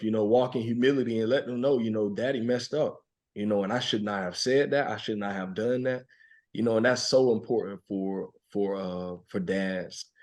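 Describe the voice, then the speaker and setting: A man in his thirties with a slightly low voice talks through a personal story as a podcast guest. His delivery is reflective and emotional, often dropping soft, with laughs breaking in. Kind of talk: heartfelt conversational storytelling.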